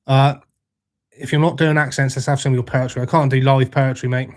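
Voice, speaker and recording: Speaking fairly quickly in a level tone, a young British livestreamer reads incoming comments and jokes with chat, swearing freely. His voice is at an ordinary male pitch and his manner is laid-back.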